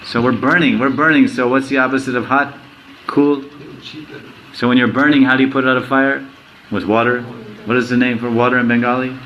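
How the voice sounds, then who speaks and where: A man teaching a sermon, quizzing his listeners and reciting verses slowly. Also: mid-range voice, level tone, a bit bright, muffled recording, a little hiss or hum. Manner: asks the audience questions, slowly recites verses. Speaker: spiritual teacher.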